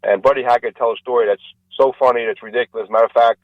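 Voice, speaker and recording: Male comedian guest, lively joke-teller, muffled dry radio audio. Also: fast, no echo. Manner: animated joke-telling, acts out characters with rising pitch. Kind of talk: radio interview storytelling. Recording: dull lo-fi radio sound, dry.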